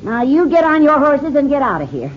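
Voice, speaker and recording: Brief: a folksy ranch mother, high voice, western drawl, dull lo-fi old radio recording. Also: sing-song, a little fast, slight background noise. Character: protective ranch mother, middle-aged, firm. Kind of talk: 1950s radio drama acting.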